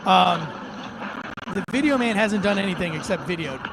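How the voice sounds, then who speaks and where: A man's voice: sits high, expressive, moderate pace, noisy background. A man hosting an online news commentary show, talking in a brash, conversational way with crude slang and asides. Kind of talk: casual political commentary.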